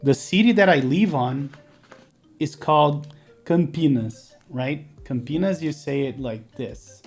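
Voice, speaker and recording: A man's voice: on the high side, slow pace, soft background music. A man from Brazil, a native Portuguese speaker with a Brazilian accent, chatting casually on a live stream and answering chat while he builds.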